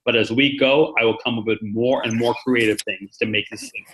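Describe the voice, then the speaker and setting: A man's voice: medium pitch, steady tone, a little fast, a bit bright, poor audio. A man hosting a conference call, chatty and rambling, with many fillers and restarts. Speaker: meeting host. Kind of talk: casual conference call talk.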